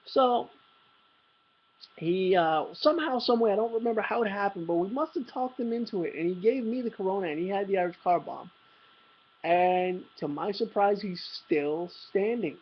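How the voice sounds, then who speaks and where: A man's voice: high-pitched, lively intonation, normal speed, husky, highs cut off. A young man vlogging, telling a rambling, profane story about a night out with self-mocking humor. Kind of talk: casual storytelling.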